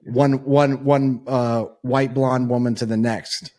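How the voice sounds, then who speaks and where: A man's voice: medium pitch, flat delivery, slow, warm tone. A man co-hosting a horror podcast, chatting casually in a theatrical way and swearing often. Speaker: podcast co-host. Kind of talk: casual chat.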